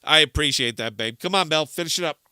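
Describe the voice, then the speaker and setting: A man co-hosting a casual livestream chat, joking and animated, sometimes sliding into rants. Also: on the high side, fast, a little hiss or hum. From Des Moines, Iowa. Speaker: podcast co-host.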